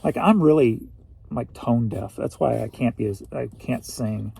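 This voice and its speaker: A man's voice: mid-range voice, a little slow, creaky, background noise. A man from St. Louis, Missouri, rambling through a casual solo reseller vlog, chatty and at times emotional. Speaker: reseller vlogger.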